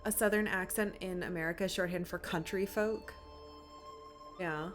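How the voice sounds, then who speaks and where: A woman's voice: lowish voice, fairly even intonation, moderate pace. A young woman from Appalachia chatting while streaming a game, rambling with lots of fillers. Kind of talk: casual gameplay commentary. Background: faint game music.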